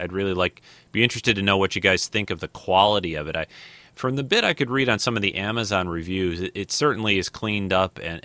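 A man in his fifties hosts a casual podcast with a deep voice and a bright, forceful edge. He rambles, restarts sentences and leans on fillers. The sound is close and dry. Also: dry recording. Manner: rambling, many fillers and restarts, thinks aloud. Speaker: podcast host.

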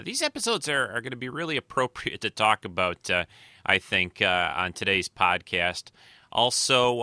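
A man hosting his own podcast in casual, rambling talk full of filler pauses, his voice a little nasal. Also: lowish voice, bright, forceful tone, clean tone, no echo, clean studio sound. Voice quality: slightly nasal today. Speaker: podcast host.

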